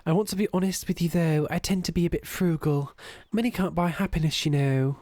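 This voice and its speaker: A man's voice: on the high side, brisk, darkish tone, dry recording. A young man giving joking, sarcastic commentary while playing a video game. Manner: sarcastic, joking, camp asides. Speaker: let's play gamer. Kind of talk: gameplay commentary.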